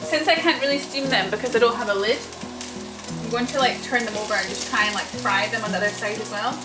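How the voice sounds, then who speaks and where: A woman's voice: a little high, fast, echoey room, loud music behind the voice. A young Scottish woman chatting casually while she cooks in a small narrowboat cabin, explaining each step as she goes. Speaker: vlogger. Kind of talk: casual vlog chat while cooking.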